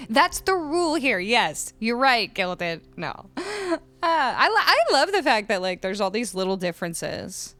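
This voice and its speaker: A woman's voice: on the high side, sing-song, slow pace, sharp tone, soft background music. A woman from Canada, streaming and chatting casually with her live viewers, laughing often as she muses over how words are said. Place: home streaming room. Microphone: studio microphone up close.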